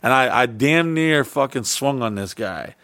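A man's voice: mid-range voice, expressive, a little slow, fairly bright tone, dry recording. Guy rambling thru a cussing story on his podcast, dead dry mic. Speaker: podcast host. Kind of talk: casual podcast chat.

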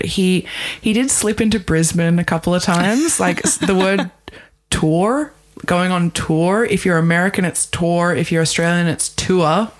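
A woman co-hosting a podcast, chatting casually about a film with lots of fillers. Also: fairly low pitch. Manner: chatty, many fillers, frequent laughs. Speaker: podcast co-host.

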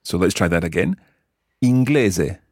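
Deep Scottish man teaching patiently. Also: very animated, husky, dry recording, clean studio sound. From Scotland. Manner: patient, explains and repeats words slowly. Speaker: language teacher and host. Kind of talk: podcast language lesson.

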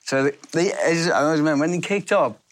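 Chatty ex-footballer, dry close sound. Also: male voice, a little high, dry recording. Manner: chatty, halting, many restarts. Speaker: former footballer. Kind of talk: anecdotal storytelling in a documentary interview.

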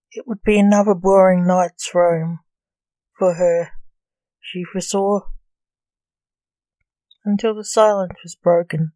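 A woman narrating a gothic story for a podcast in a slow, measured, dramatic manner. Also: lowish voice, mellow, no echo.

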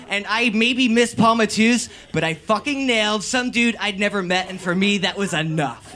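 A young man with a slightly high voice tells a comic story from his own life. He is animated and swears freely, laughing and bursting into shouts as he goes. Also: moderate pace, few pauses, crowd noise, background noise. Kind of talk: live comedic storytelling.

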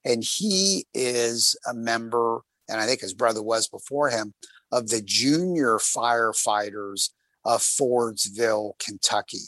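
Speaking a little slowly at a medium pitch, this man hosts a talk show and recounts his bike trip in a relaxed, rambling way. He animates the tales by performing the quoted lines, and the recording has no echo.

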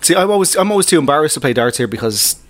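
An Irish man co-hosting a comedy podcast, telling a story in an animated way that repeats words. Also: fairly high pitch, racing. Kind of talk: casual chat, storytelling.

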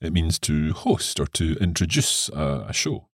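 A man's voice: rumbling low, big pitch swings, unhurried, breathy edge, no echo, clean studio sound. A man co-hosting a podcast English lesson, reading the text aloud and asking questions about it. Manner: reads the lesson text, then asks questions.

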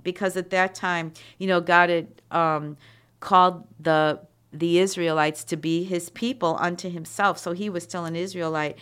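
A woman giving a chatty, animated Bible teaching, reading verses and adding asides. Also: fairly low pitch, moderate pace, clean tone.

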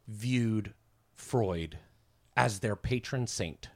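A man's voice: fairly low pitch, extremely slow, darkish tone. Rambling man in casual podcast chat. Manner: rambling, lots of fillers and restarts. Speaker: podcast guest explaining history.

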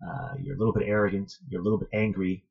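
A man with a low, gravelly, husky voice tells a personal story as a guest in an earnest, reflective way. The audio is dull and lo-fi. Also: level tone. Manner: earnest, thoughtful, measured. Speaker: interview guest, martial arts student.

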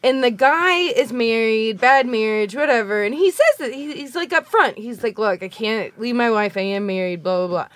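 Woman, fairly high voice, dry close sound, rambling profane storyteller. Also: expressive, moderate pace, hardly any pauses, no room sound. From Kentucky. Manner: rambling, blunt and profane, acts out the people in her stories. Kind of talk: casual storytelling chat.

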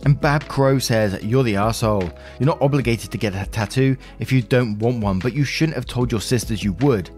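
A man's voice: mid-range voice, fairly quick, hardly any pauses, a little mellow, soft background music. A man reading out online advice posts and comments, adding his own blunt, opinionated commentary. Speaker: narrator reading forum posts.

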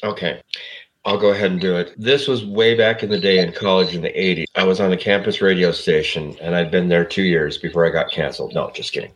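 Co-host, fifties, very deep voice, rambling teller. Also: male voice, fairly even intonation, fairly quick, lo-fi sound, slight background noise. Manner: rambling storyteller, self-interrupting. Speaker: show producer and co-host. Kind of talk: casual comedy podcast chat.

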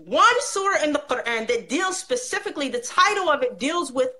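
High bright-voiced woman, passionate. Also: lively intonation, fairly quick. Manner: passionate, emphatic, rhetorical questions. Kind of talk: religious discussion.

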